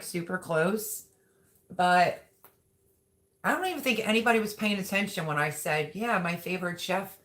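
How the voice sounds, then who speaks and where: A woman's voice: lowish voice, a bit bright. A woman hosting a casual livestream, chatty and gushing as she reads out viewer comments. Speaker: livestream host.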